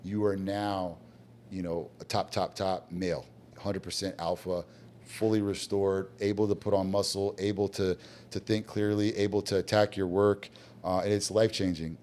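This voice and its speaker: A man's voice: sits low, moderate pace, slight background noise. A man telling his business story bluntly in casual talk, acting out the voices of people he quotes. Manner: blunt, animated, acts out quoted dialogue. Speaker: guest business owner.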